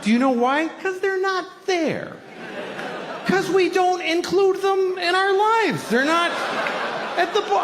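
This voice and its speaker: Brash ranting stand-up comedian man. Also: mid-range voice. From Boston. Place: comedy club stage. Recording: roomy club with audience noise.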